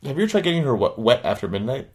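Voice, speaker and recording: A man co-hosting a podcast in casual chat, teasing and trading quick banter. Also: medium pitch, big pitch swings, slightly rough. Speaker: podcast co-host.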